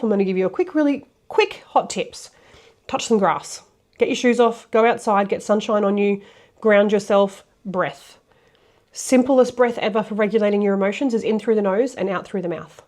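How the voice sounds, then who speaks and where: A woman's voice: medium pitch, a little mellow. A woman coaching viewers directly on relationship communication, speaking bluntly and emphatically and swearing casually. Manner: addresses viewers directly with step-by-step tips. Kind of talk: direct-to-camera coaching talk.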